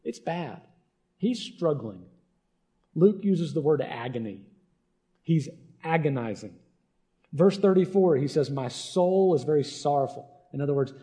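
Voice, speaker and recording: A man's voice: a little high, animated, measured pace, long pauses, dark tone. A man preaching a sermon as a pastor, earnest and conversational, often checking in with the congregation.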